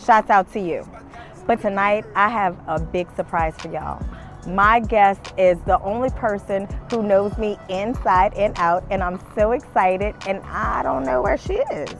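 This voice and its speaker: A young woman, hosting a casual talk show in a bubbly, excitable way. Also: medium pitch, a little slow, gravelly, soft background music. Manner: bubbly, excitable, laughs often.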